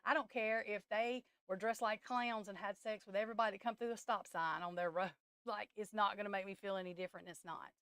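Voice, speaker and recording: A woman's voice: medium pitch, fairly even intonation, quick pace, a bit bright, smooth, no room sound, studio quality. Woman, rambling live-stream chat. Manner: emotional, rambling, blunt. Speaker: tarot reader hosting a live stream.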